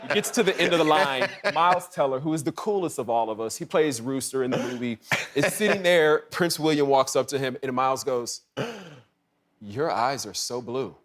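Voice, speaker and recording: A male actor as a talk show guest, telling an animated story with impressions and laughter. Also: mid-range voice, brisk. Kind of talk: late-night talk show interview.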